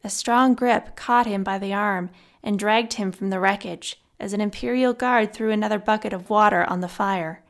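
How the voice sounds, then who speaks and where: A woman reading a fantasy novel aloud as scripted narration, in a subdued, measured voice. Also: mid-range voice. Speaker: audiobook narrator.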